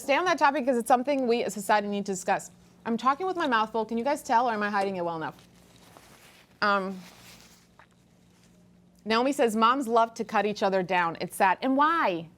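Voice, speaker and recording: A woman in her thirties hosting a casual live-stream chat, speaking frankly and with jokes while reading viewers' comments aloud. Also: medium pitch.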